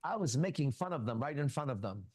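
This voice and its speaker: A man hosting a casual talk show, coaching a younger man bluntly and profanely and telling animated stories with quoted dialogue. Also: mid-range voice, fast, breathy edge, dry recording. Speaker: host. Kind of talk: casual advice talk and storytelling.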